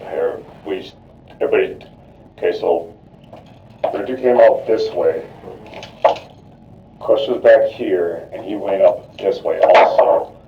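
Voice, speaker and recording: A deep-voiced man gives a rambling, repetitive account during a police interrogation, circling back on himself with constant "you know, like". He sounds distant from the microphone in an echoey room on a lo-fi recording. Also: slow, creaky, long pauses, slight background noise. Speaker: murder suspect under questioning.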